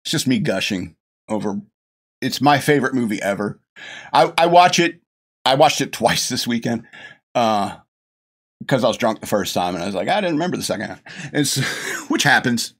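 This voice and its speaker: Gushing over a film, a middle-aged podcast host rambles casually, chuckling often and restarting many times. His medium-pitched voice is expressive and a bit bright, moving at a normal speed with long pauses.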